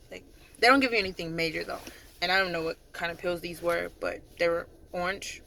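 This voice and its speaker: A young adult drill sergeant retells events in a loose, talkative vlog style, full of "like" and quick asides. The voice sits at a middle pitch with a bright, forceful edge. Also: gravelly, slight background noise. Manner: chatty, animated retelling with frequent "like". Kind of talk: casual storytelling vlog.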